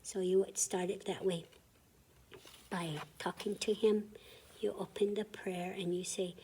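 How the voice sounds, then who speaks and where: A woman teaching a language lesson, patiently breaking words into syllables for students to repeat and often dropping to a soft half-whisper. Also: mid-range voice, steady tone, unhurried, husky.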